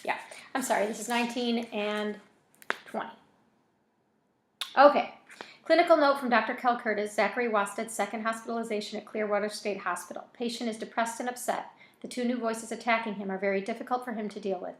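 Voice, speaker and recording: A woman's voice: on the high side, steady tone, a little fast, reverberant. A woman reading a novel aloud in an informal way, with casual self-correcting asides between chapters. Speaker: reader of a novel.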